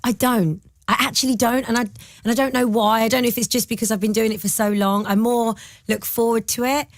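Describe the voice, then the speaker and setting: A woman guesting on a casual radio interview, chatty and laughing often, her voice tired and lower than usual. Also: steady tone, brisk, no echo, studio quality. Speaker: guest, TV talent show judge.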